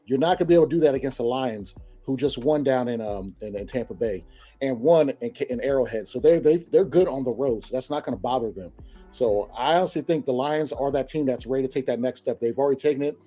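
A man arguing his picks on a casual sports talk show, measured with many restarts. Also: mid-range voice, mellow, faint music behind. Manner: measured, halting, lots of restarts. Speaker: panelist.

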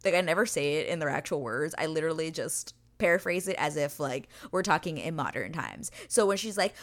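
A woman's voice: low-pitched, very animated, brisk. A woman hosting a casual scene-by-scene TV recap, swearing freely and paraphrasing the characters in modern slang. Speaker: TV episode recap host.

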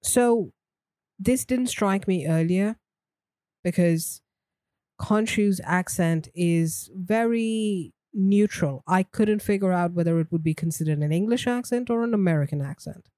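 A woman's voice: mid-range voice, unhurried, mellow, no echo. A woman co-hosting a podcast in casual chat, talking thoughtfully and laughing easily. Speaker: podcast co-host.

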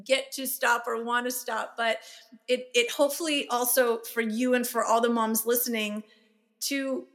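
A woman's voice: a little high, little pitch movement, normal speed, a bit bright. A woman hosting a podcast interview, talking in a casual, affirming and encouraging way. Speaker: podcast host. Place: Los Angeles area.

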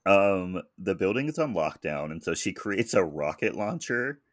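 Deep-voiced man, laughing podcast co-host. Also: big pitch swings, normal speed, no room sound, studio quality. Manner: laughs often, retells scenes with quoted voices. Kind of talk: casual chat recapping a movie.

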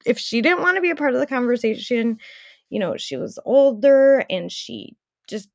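A woman's voice: a little high, animated, normal speed, a little mellow, no room sound, studio quality. A woman co-hosting a casual chat podcast, joking and sarcastic. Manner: sarcastic, jokey. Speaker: podcast co-host.

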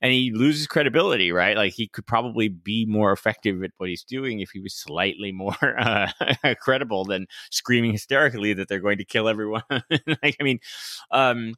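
A man co-hosting a podcast in casual chat, animated and quick to laugh, acting out quotes in a high voice. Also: no room sound. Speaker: podcast co-host.

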